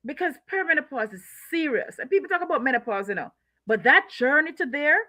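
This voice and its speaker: Woman author on a podcast, bright voice, chatty, laughs a lot, repeats herself. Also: high voice, animated, quick pace. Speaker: guest author. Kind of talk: conversational interview.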